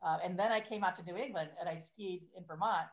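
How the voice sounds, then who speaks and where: A woman's voice: lowish voice, fast talker, dull audio. A woman in her fifties, a podcast guest, reminiscing in a chatty way and saying "like" a lot. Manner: chatty and nostalgic, lots of "like". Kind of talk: casual chat. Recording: echoey room.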